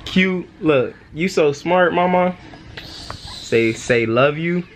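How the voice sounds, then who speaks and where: Playful young dad vlogging at home. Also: male voice, a little high, expressive, slow pace, a little hiss or hum. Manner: playful, slangy banter with his toddler. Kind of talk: casual family vlog. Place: home bedroom.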